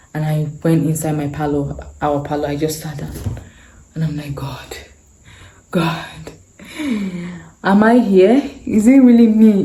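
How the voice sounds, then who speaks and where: A woman's voice: low voice, mellow. A woman, earnestly telling a personal story to camera and repeating phrases for emphasis. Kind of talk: casual storytelling. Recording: echoey room.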